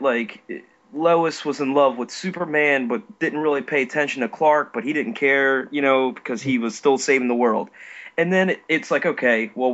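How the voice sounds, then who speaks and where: A man on a roundtable podcast who talks with animated energy, swears, and keeps saying dude. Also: medium pitch. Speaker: podcast panelist. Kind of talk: casual roundtable chat. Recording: dull lo-fi mic.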